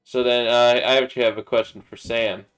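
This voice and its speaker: A man's voice: mid-range voice, little pitch movement, a little fast, fairly bright tone, soft background music. A young man hosting a gaming livestream, chatting loosely with friends. He hesitates a lot, stammering and filling gaps with "uh" and "um". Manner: hesitant, stammering, full of fillers. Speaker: streamer and host. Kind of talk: casual gaming livestream chat.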